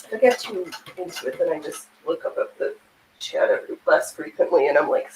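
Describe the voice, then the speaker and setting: A woman's voice: deep voice, lively intonation, fairly quick, darkish tone, a little hiss or hum. A woman hosting a livestream, chatting casually and laughing often as she sews and answers her chat. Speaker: livestream host. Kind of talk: casual chat while sewing on stream. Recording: echoey room with faint ambience.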